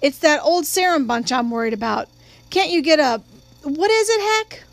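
A woman's voice: high-pitched, lively intonation, moderate pace, no room sound. A woman reading a blunt, worried rural neighbor. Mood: pressing.

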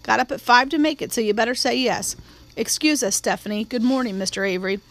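A woman doing a firm, crisp older neighbor. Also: on the high side, quick pace, a bit bright. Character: brisk elderly neighbor woman, firm and kind.

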